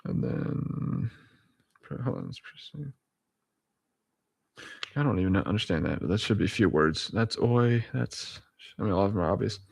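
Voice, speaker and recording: A young man reading dictionary abbreviations aloud at home in a halting, chuckling way, often correcting himself. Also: lowish voice, expressive, vocal fry, slightly rough, no echo. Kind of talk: casual solo reading and chat.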